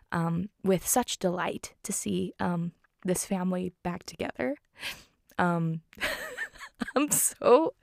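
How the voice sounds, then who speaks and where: A woman's voice: fairly low pitch, creaky, darkish tone, no echo, studio quality. A woman casually recapping a film, chatty and heartfelt, with lots of filler words.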